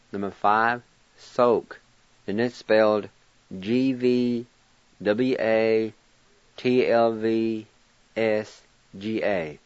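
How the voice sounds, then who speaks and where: Slow patient guy spelling words letter by letter, lowish voice, dry dull radio sound. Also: smooth, no echo. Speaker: language teacher and radio host. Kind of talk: slow spelling and pronunciation lesson.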